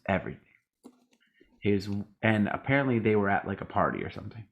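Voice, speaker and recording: A tired man co-hosting a podcast, rambling in casual chat, swearing freely and acting out other people's lines. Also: on the low side. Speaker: podcast co-host.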